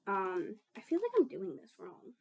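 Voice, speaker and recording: A woman's voice: medium pitch, wildly swooping pitch, unhurried, creaky. Young woman, casual baking vlog chat, self-mocking, swears, home kitchen, faint background hiss. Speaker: baking vlogger.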